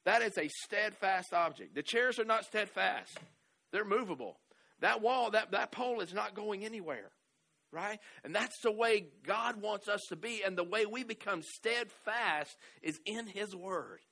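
A man's voice: high-pitched, unhurried, creaky, pushed and bright. A male pastor preaching a sermon in a church hall, stressing key words, repeating phrases and often restarting his sentences. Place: church hall with a pole in the room.

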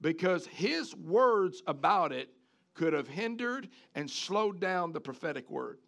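A man with a high, gravelly voice preaches a sermon. He talks in an animated way, stumbles over repeated words and keeps turning to the congregation with questions. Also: a little slow.

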